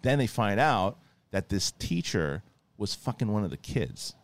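Male podcast host, lowish voice, rambling and animated, restarts a lot. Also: unhurried, no echo. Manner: rambling, animated retelling with many restarts and acted quotes. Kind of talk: casual chat.

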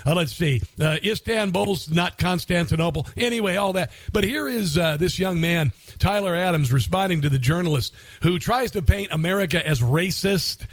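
A man's voice: high-pitched, normal speed, no echo. A middle-aged man hosting a political talk radio show, rambling and sarcastic, with many fillers as he comments over a clip.

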